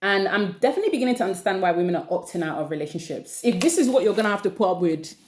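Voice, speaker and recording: A young woman, hosting a casual opinion chat and ranting in an exasperated, animated way. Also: medium pitch, very fast. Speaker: channel host. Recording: echoey room.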